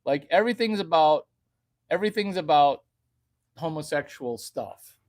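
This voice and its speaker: A man delivering a rambling, crude comedic rant, jumping from loud bursts to hushed baby talk. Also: on the high side, lively intonation, normal speed. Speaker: vlogger.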